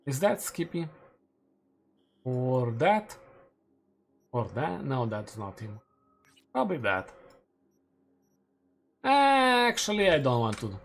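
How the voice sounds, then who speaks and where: A man's voice: medium pitch, lively intonation, takes it slowly, gravelly, long pauses, husky. A young man, streaming a game and chatting casually with viewers, thinking aloud and correcting himself as he goes. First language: Romanian. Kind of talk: casual live-stream chat while gaming.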